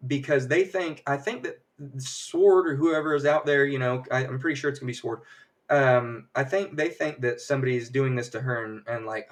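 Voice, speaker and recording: A man's voice: mid-range voice, far from the mic. Rambling man recapping a show. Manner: rambling, full of fillers and acted quotes. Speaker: livestream host. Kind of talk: casual episode recap chat. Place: home livestream setup.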